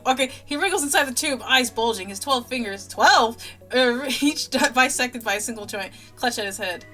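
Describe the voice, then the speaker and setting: A woman streamer narrating a game and reacting in a loud, playful way. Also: on the high side, animated, a little fast, faint music behind, rough recording.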